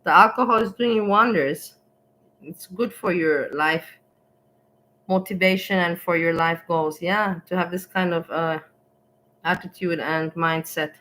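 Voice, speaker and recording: A woman's voice: lowish voice, steady tone, unhurried, fairly bright tone, slight background noise, low-quality recording. A scornful woman commenting bluntly. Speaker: host reacting to a stream. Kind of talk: casual commentary.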